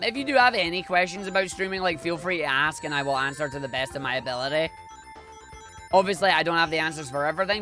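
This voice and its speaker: A man's voice: fairly high pitch, pushed and bright. A Scottish man from Scotland, a streamer chatting casually and slangily while he speedruns. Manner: chatty and slangy, rambling asides.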